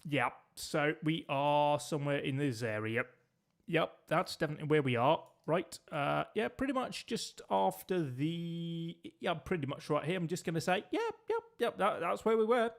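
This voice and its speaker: While playing a geography guessing game on stream, this man banters and jokes with his audience in relaxed gameplay commentary. His voice runs high and creaky, very animated, at a moderate pace.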